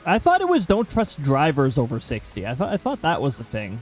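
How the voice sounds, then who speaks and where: Man, live streamer, casual gameplay chat, self-mocking, animated pitch, slightly higher voice. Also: a little fast, soft background music, rough recording. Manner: chatty, self-mocking, reads chat aloud.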